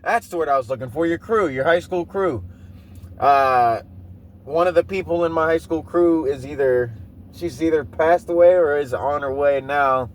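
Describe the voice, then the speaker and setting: Slightly high-voiced and speaking at a normal pace, a podcast host in his 30s gives a casual monologue: a rambling, profane personal story broken up by frequent laughter. Slight background noise can be heard.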